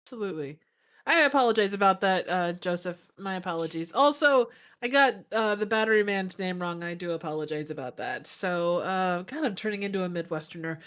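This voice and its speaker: A woman's voice: lowish voice, expressive, fairly quick, a bit bright, clear, resonant tone. A woman moderating a livestream, reading viewer comments aloud, laughing and apologizing in casual chat. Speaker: stream moderator.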